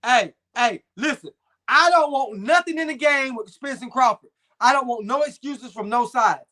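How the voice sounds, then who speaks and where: With a very high voice that sounds pushed and bright, a young adult streamer talks at a moderate pace while going through viewer comments. His chat is relaxed and full of slang, peppered with lots of filler words.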